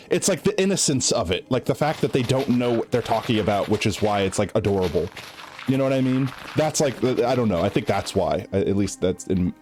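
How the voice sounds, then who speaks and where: A man's voice: medium pitch, darkish tone. A male streamer chatting casually with his viewers while gaming, rambling, restarting his sentences and breaking into giggles. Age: adult.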